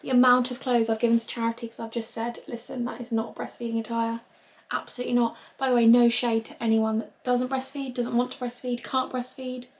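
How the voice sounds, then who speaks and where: A woman's voice: fairly high pitch, level tone, a little fast. A young woman talking candidly and emotionally to a phone camera at home, rambling with restarts. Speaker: vlogger. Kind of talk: casual confessional vlog. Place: bedroom at home.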